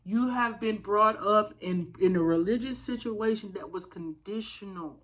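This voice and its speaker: A woman's voice: mid-range voice, moderate pace. A woman giving a spiritual tarot reading in a fervent, preacher-like way, calling her listeners y'all. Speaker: tarot reader.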